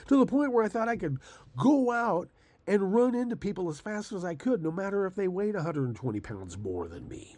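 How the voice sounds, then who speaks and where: Sarcastic older man with a husky voice. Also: high-pitched, big pitch swings, moderate pace, darkish tone, dry recording. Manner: sarcastic, rambling, often laughing; profane and angry. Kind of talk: casual ranting monologue.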